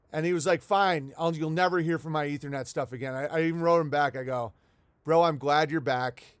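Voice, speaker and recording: A man's voice: a little high, fairly even intonation, fairly quick, clean tone, no room sound. A man hosting a casual livestream from home, rambling and swearing as he talks to his chat and reads viewer letters aloud. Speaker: livestream host. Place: at home in the countryside.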